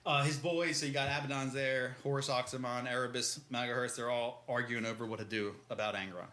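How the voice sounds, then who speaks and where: This podcast co-host recaps a book chapter in a laid-back, slangy way, acting out the characters' lines as part of a casual book discussion. His medium-pitched voice stays steady, brisk, and sharp.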